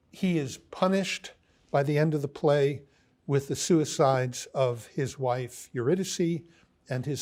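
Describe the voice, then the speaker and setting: A man giving a philosophy lecture, pausing often with ums and restarts as he reads quoted lines aloud. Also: fairly high pitch, darkish tone. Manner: halting, many ums and restarts.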